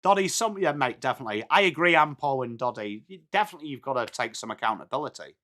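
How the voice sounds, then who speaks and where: A medium-pitched, expressive voice with a fairly bright tone and a fast delivery belongs to an English man from England, an adult with children. He's a live stream host doing a football watch-along, calling play and chatting with viewers, flipping between commentary and answering comments.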